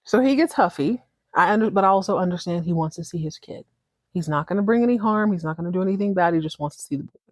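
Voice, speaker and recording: A woman host chatting casually through a TV episode recap, slangy and animated. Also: on the low side, no echo, clean studio sound. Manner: chatty, slangy, acts out characters. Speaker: podcast host.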